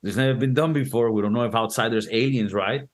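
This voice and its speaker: Young guy chatting about a movie on a podcast, lively and cussing, acts out what people said. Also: medium pitch, quick pace. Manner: animated, profane, acts out quotes in voices. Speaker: podcast co-host. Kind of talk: casual movie review chat.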